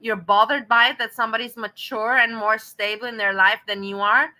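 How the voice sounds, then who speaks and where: A woman's voice: a little high, fairly even intonation, brisk, bright, forceful tone, poor audio. A woman on a casual group chat, scolding someone with a string of repeated rhetorical questions.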